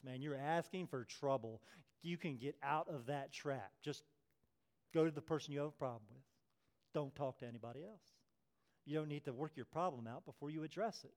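A pastor with a fairly high-pitched voice preaches a sermon, moving between hushed, prayerful passages and loud, emphatic ones, and voicing the people he quotes.

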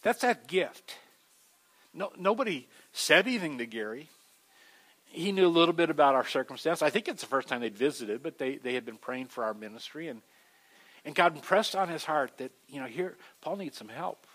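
A middle-aged man preaching a sermon, telling stories with an animated delivery that swings from loud to soft. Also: a little high, normal speed. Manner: animated storytelling, voices shifting loud and soft. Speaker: pastor.

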